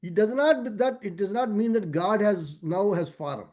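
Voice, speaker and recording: A man lecturing on scripture as a spiritual teacher. He pauses and restarts as he explains, and he stresses key words by raising his pitch. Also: a little mellow.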